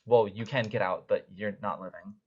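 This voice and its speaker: A man's voice: lowish voice, fairly even intonation, moderate pace. A man narrating a tabletop game as game master, casual and rambling with many fillers. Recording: dull lo-fi audio.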